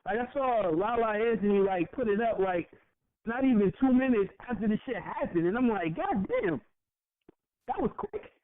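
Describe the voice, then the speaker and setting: A man's voice: sits high, brisk, no echo. A young adult man and podcast co-host, ranting with passion and a lot of profanity, stumbling over repeated words. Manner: heated, profane, repeats words when worked up. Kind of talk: impassioned casual podcast rant. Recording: tinny phone-like audio.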